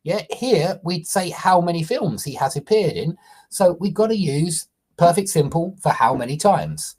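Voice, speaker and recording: A woman's voice: low-pitched, sing-song, moderate pace, a little mellow, slightly rough. A woman teaching a live online English grammar lesson, reading example sentences aloud and then explaining them.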